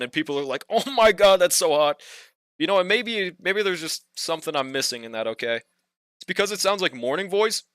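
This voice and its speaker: A man's voice: fairly high pitch, pushed and bright, smooth, no room sound. Laid-back young gamer guy, dry close mic. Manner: laid-back, slangy, swears, laughs often, trails off. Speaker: game streamer. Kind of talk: casual livestream chat while gaming.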